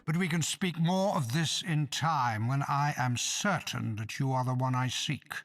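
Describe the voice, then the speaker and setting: An actor playing a mysterious hooded male stranger who speaks in slow, measured, ominous riddles. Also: mid-range voice, fairly bright tone. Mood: cryptic.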